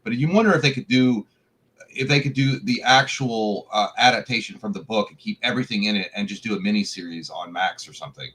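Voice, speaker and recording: A man co-hosting a live movie news stream, chatting in relaxed, agreeable banter. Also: on the low side, fast talker, poor audio. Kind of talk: casual live-stream chat.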